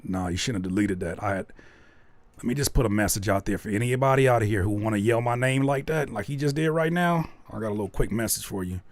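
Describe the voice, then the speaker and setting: A man's voice: medium pitch, quick pace, dry recording. A man hosting a live music feedback stream who speaks bluntly and emphatically and jokes as he critiques. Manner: emphatic, animated, blunt, joking. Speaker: host giving music feedback.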